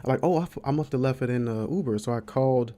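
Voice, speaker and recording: A man's voice: medium pitch, quick pace, mellow. A young man from the American Midwest hosting a podcast, telling a story in casual chat and acting out quotes with big jumps in his voice. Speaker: podcast host.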